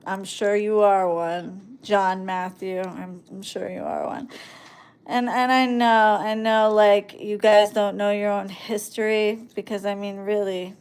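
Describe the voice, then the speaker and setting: A woman's voice: mid-range voice, fairly even intonation, unhurried, darkish tone, clear, resonant tone. Sarcastic woman ranting on a live stream.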